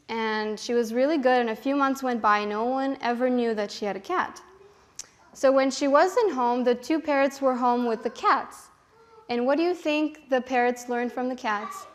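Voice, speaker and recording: A woman's voice: a little high, moderate pace. A young woman telling a children's story in church, asking the children questions along the way and acting out the characters. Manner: animated, asks the children questions.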